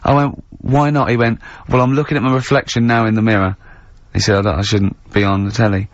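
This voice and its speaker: A man's voice: lowish voice, level tone, fast talker. A man hosting a radio talk show, teasing his co-hosts and laughing often in loose banter. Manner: mocking, laughs a lot. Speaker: radio host. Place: radio studio. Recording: dull lo-fi radio recording.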